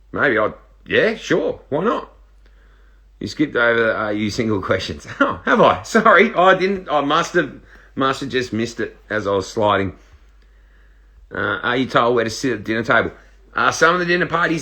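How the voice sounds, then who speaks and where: An Australian man in his thirties, casually reading viewer questions out loud and answering them in a laid-back, joking way. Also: mid-range voice. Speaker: reality show contestant answering live viewer questions. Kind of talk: casual live-stream Q&A.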